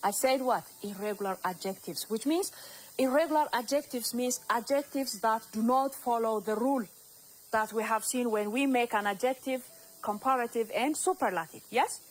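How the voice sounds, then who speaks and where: A woman's voice: fairly high pitch, moderate pace, slight background noise, low-quality recording. A woman from Ethiopia teaching a recorded grammar lesson, repeating words and asking the class questions as she goes.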